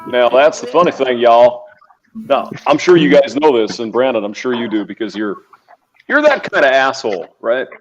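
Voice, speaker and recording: A man's voice: medium pitch, expressive, moderate pace, music in the background. Teasing, rambling man, medium voice, muffled chat line. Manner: rambling, teasing, crude banter. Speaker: engineer. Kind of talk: casual group voice chat. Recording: muffled voice chat with faint hiss.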